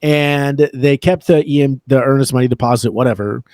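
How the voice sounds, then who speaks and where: Animated storytelling man, dry sound. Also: mid-range voice, a little fast, no room sound. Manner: animated, laughs often while telling a story. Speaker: real estate agent, podcast guest. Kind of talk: casual storytelling in a podcast chat.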